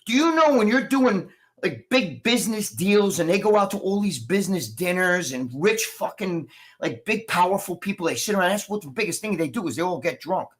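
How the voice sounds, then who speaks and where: A man chatting casually on a livestream, telling animated, profanity-laced stories as co-host over a video call. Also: high-pitched, a little fast. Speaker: show co-host.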